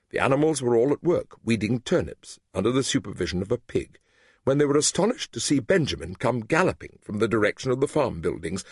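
A man narrating a story in a measured, expressive reading voice, recorded close to the mic. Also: mid-range voice, slightly rough, dry recording. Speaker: audiobook narrator.

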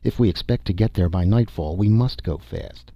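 A man reading a calm, practical woman explorer in an audiobook, slightly raised from his own voice. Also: fairly low pitch, moderate pace, no room sound. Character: calm capable woman explorer in a pressure suit. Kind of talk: audiobook dialogue. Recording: dull dry recording.

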